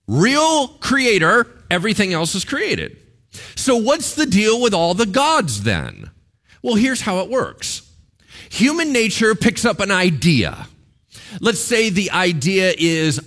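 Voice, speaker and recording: A man preaching a sermon, animated and joking, acting out voices as he tells a Bible story. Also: fairly high pitch, slow. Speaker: pastor.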